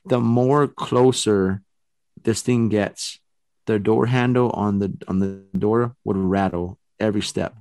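A man's voice: lowish voice, slow, no echo. A man casually telling a story from his own paranormal investigation, acting out the sounds and quoting himself. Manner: animated, acts out sounds and quotes himself, swears casually.

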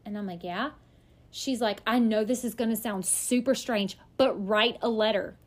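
A woman in her thirties, a podcast guest, telling a story in lively casual chat and acting out what other people said. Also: fairly high pitch. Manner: lively, quick to act out other people's lines.

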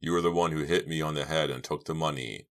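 A man's voice: a bass voice, fairly even intonation, quick pace. A man reading the part of a teenage boy who speaks up eagerly.

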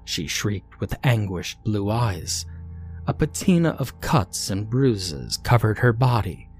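Low voice guy reading a creepy story real slow, faint music under it. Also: very animated, a little mellow, slightly rough. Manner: slow, deliberate, ominous. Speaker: narrator. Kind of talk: scripted horror story narration.

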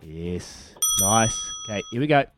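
A man with a New Zealand accent hosting a breakfast radio quiz, brisk and matey as he reads questions and counts down. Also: fairly low pitch, animated, loud music behind the voice. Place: radio studio. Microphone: studio microphone.

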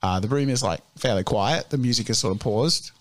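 A man's voice: mid-range voice, fairly quick. A man narrating a tabletop game as game master in a casual, rambling way. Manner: casual, many fillers.

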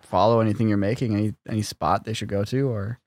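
A man hosting a podcast in casual chat, friendly and quick to laugh, thanking his listeners and his guest. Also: lowish voice, steady tone, a little mellow, dry recording, studio quality. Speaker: podcast host.

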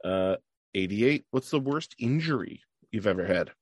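A man hosting a rapid-fire question interview over a video call, playful and upbeat with jokey reactions. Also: lowish voice, animated, background noise. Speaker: host.

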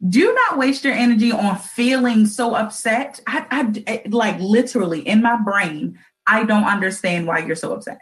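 A woman's voice: on the high side, moderate pace, poor audio. Chatty woman hosting an online radio show. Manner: chatty, addresses listeners as y'all, corny jokes, animated. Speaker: internet radio host. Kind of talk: casual livestream talk show.

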